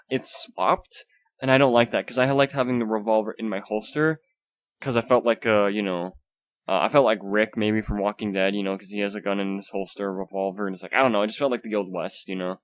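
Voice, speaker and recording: A young man hosting a solo podcast from home, rambling casually with lots of swearing, fillers and restarts, keeping his voice down. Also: mid-range voice. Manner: holds back his volume. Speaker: podcast host. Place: home room.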